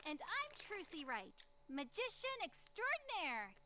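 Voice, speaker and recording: A woman's voice: very high voice, huge pitch swings, unhurried, noisy background, full character voice. A woman voicing a cheeky, cheerful teenage girl magician in a fan-made game. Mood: perky. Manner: perky, teasing. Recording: game audio with music behind.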